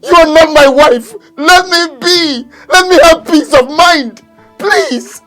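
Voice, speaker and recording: A man's voice: fairly low pitch, expressive, slow, gravelly, breathy edge, faint music behind, exaggerated voice. A Nigerian-accented man playing a crippled husband tormented by a spirit, pleading and breaking into anguished cries. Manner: pleading, rising into anguished shouts. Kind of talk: Nollywood film acting.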